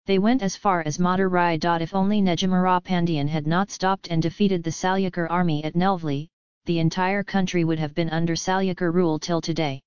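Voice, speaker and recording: A woman's voice: lowish voice, fairly even intonation, a little fast, smooth, no room sound, highs cut off, close to an everyday voice. Woman reading as a tormented young prince. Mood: bitter. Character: brooding young male prince, tormented warrior. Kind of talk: audiobook reading.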